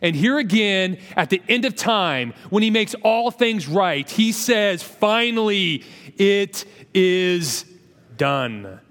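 Man, high-pitched pastor, lively preaching with congregation call-outs, long hall reverb. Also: unhurried, hardly any pauses. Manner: animated, calls on the congregation to answer and speak along, joking asides. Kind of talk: sermon.

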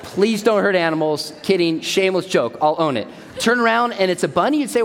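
A man delivering a sermon, telling jokes and stories with lively energy. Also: sits high, fairly quick, a little hiss or hum. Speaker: speaker. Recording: long hall reverb.

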